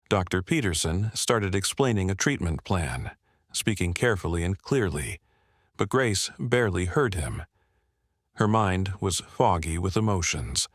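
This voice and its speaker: A man narrating a scripted story in a measured, even way. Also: low voice, no room sound. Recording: dry close-miked voice-over.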